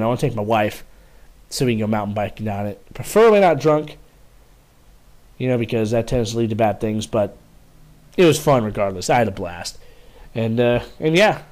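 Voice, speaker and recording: A man's voice: medium pitch, darkish tone. A young man telling a story casually to camera, rambling with restarts and frequent swearing. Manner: rambling, profane, many restarts. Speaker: vlogger.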